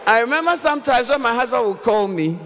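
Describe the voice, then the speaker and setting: A woman pastor preaching a sermon at a church service, animated and humorous, often exclaiming to the congregation. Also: a little high, quick pace, a little hiss or hum. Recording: long church hall reverb.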